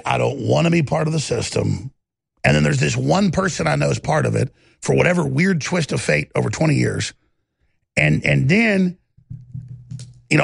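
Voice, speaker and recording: Gravelly, husky male host ranting. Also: a little high, a bit bright, no room sound, studio quality. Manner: combative, repeats words when worked up. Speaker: show host. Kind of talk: heated on-air rant.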